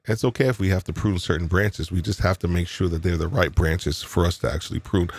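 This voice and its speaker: A man's voice: low voice, fast talker, creaky, few pauses, breathy edge, dry recording. A man from New York hosting a live podcast chat, teasing his guests in playful banter and musing with many fillers and restarts. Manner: reflective, uses fillers and restarts. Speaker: podcast host.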